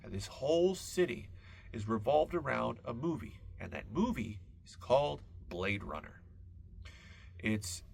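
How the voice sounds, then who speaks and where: Gravelly man on a rambling comic monologue. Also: medium pitch, slight background noise. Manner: rambling, absurd tangents, deadpan asides. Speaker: podcast host. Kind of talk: comedic podcast monologue.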